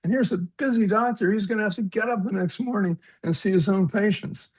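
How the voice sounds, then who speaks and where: A man's voice: high voice, brisk, slightly rough. A man giving a webinar talk over a video call, telling personal stories in an earnest, reflective way. He often repeats words and restarts sentences, and he chuckles at his own stories. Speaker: presenter on a webinar panel.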